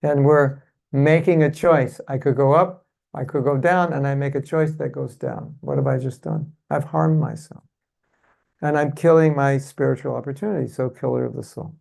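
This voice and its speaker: A man's voice: mid-range voice, fairly even intonation, normal speed, creaky, a little mellow. A man teaching a devotional seminar to a live audience, often asking rhetorical questions and leading the room in repeating phrases. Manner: rhetorical, keeps asking "isn't it?"; leads the audience in call-and-response. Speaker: seminar speaker. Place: temple hall with an audience.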